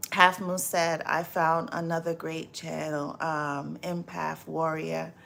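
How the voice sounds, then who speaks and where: A woman's voice: on the low side, creaky, fairly bright tone, slight background noise. A woman from South Florida hosting a live stream in a casual, chatty way, reading viewer comments aloud, repeating herself and laughing often.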